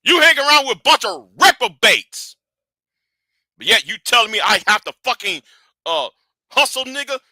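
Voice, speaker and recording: A man hosting a livestream, scolding and animated in a profane rant that swings from shouting to hushed. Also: very high-pitched, normal speed, pauses often, dry recording. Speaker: livestream host.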